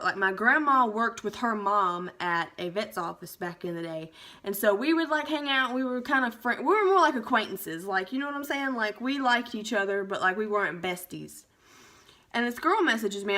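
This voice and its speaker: Young woman vlogger, bright tone, fairly high voice, swearing, animated storytime. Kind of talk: casual storytime.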